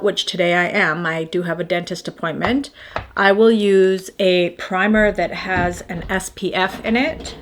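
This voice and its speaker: A woman's voice: on the low side, a little hiss or hum. A woman in her fifties chatting casually through her morning skincare routine, rambling and self-deprecating as she shows each product. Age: 50s. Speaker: beauty vlogger.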